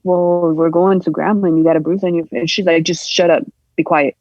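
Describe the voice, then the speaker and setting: A woman guest on a podcast, candidly telling a personal story in a halting, emotional way, acting out the voices she quotes. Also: fairly low pitch, steady tone, a little mellow, no echo. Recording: dull lo-fi sound.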